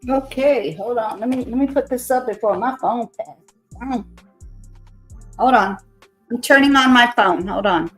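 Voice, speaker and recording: A woman streamer chats casually with an AI assistant, her voice pitched fairly high and bright. She talks at an unhurried pace and slowly spells out words one letter at a time. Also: soft background music. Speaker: live streamer.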